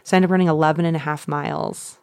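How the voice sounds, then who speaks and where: A woman in her thirties, a podcast guest, telling a personal story in an animated way, laughing often and acting out her own thoughts. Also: low-pitched, racing, no echo, studio quality. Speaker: podcast guest, runner and coach. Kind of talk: casual storytelling.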